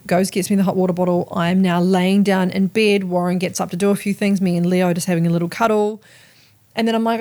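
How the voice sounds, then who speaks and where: A woman's voice: on the low side, fast talker. Frank, chatty woman telling a story. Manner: candid, swears freely, lively retelling with quoted dialogue. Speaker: podcast host. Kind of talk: casual storytelling chat.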